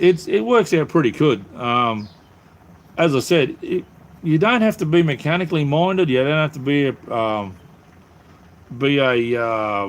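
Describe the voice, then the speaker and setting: A middle-aged Australian man chatting casually on a live stream from his phone, rambling and poking fun at himself. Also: fairly high pitch. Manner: rambling, self-mocking, easygoing.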